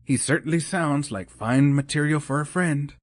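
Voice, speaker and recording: A man voicing Mrs. Claus in an audiobook, a cheerful, encouraging older woman with a brisk manner. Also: fairly high pitch, no room sound, studio quality, voice pushed up, natural voice. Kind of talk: audiobook character voice.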